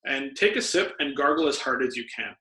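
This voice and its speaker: A man's voice: medium pitch, expressive, brisk, bright, forceful tone. A man, a doctor, patiently explaining health tips as a podcast guest. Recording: roomy echo.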